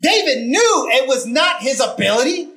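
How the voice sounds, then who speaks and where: With a high, very animated voice that sounds pushed and bright, this preacher moves at a moderate pace through a conversational sermon. They retell a scripture story emphatically, repeating phrases for effect and posing rhetorical questions.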